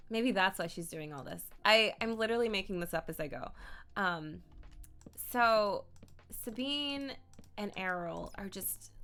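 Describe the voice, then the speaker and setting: A woman's voice: mid-range voice, animated, unhurried, a bit bright, faint music behind. A woman streamer improvising a story as she games, rambling, playful, with side comments to herself. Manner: rambling, playful, laughs and asides. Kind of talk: improvised storytelling while gaming.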